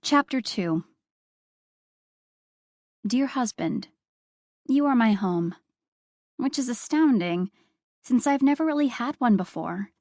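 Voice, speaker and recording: Slow, expressive woman audiobook narrator. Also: fairly high pitch, dry recording, studio quality. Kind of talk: first-person audiobook narration.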